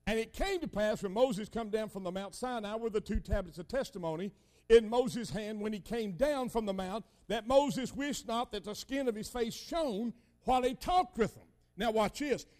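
An older man preaching a sermon, telling folksy stories with loud emphatic bursts. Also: sits high, moderate pace.

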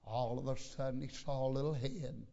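A man's voice: medium pitch, fairly even intonation, moderate pace, creaky, mellow. An older man preaching a sermon and telling a story in a folksy, emphatic way. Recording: lo-fi recording.

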